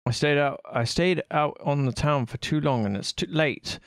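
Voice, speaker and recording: A man on a live stream reading a visual novel aloud in a playful way, tossing in quick asides between lines. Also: fairly high pitch, clean tone, no room sound, studio quality.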